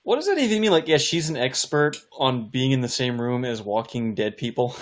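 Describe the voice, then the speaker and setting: A man's voice: medium pitch, expressive, a little fast. A man in casual chat, cracking crude, sarcastic jokes.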